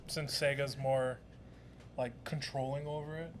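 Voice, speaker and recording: Brief: young male podcast co-host, mid-pitch, steady delivery, explains with lots of fillers, faint background rumble. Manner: explains at length, halting with fillers and restarts. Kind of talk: casual chat.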